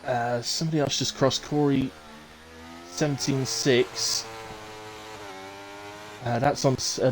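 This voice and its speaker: A man's voice: medium pitch, background noise. A middle-aged man giving chatty live commentary on a sim race, with jokey asides.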